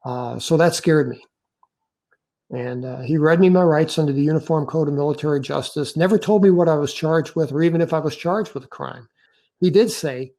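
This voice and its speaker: Older guy in his 60s telling his own story to a crowd, kinda gravelly, bit high-ish voice, lots of ums and restarts. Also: warm tone. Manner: conversational, halting, with many fillers and restarts. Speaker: lecturer recounting his own experience. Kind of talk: storytelling lecture.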